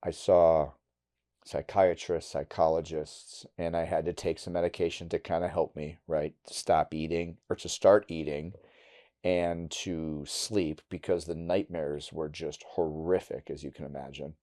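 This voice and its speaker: A middle-aged man from Wisconsin, a podcast guest telling a personal story candidly and bluntly, going quiet and halting on hard memories. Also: very deep voice, fairly even intonation. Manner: candid and blunt, with casual swearing.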